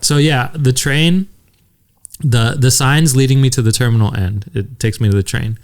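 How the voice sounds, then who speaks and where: A man's voice: medium pitch, normal speed. A young man co-hosting a podcast, telling a rambling story in casual chat and laughing often. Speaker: podcast co-host.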